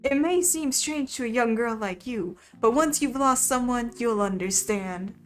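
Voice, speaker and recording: A woman's voice: on the high side, lively intonation, unhurried, soft background music. A woman voicing a stern older female sparrow who rides a scooter, with a put-on Southern US drawl. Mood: gruff.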